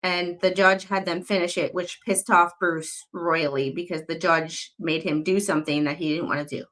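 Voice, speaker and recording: A woman hosting casual commentary on a court filing. She is blunt and sarcastic, swears freely, and her pitch jumps sharply when she is exasperated. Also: steady tone, moderate pace, a bit bright. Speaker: commentary channel host.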